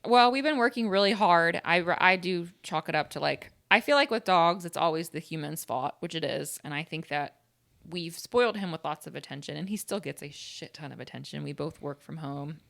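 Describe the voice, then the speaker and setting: A woman's voice: sits low, animated, a little fast, gravelly, a bit bright. A young woman co-hosting a podcast in casual, laughing banter. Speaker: podcast co-host. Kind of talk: casual chat.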